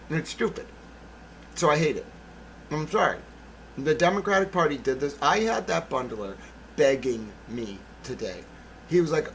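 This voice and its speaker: A man's voice: a little high, gravelly, slight background noise, low-quality recording. A man hosting his own channel, delivering a blunt, profane, sarcastic political monologue. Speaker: channel host.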